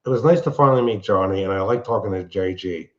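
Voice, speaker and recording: A man with a low voice who talks in a relaxed, somewhat halting way. He speaks as a guest on a live stream. His voice comes over a slightly muffled, dull line. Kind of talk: casual live stream chat.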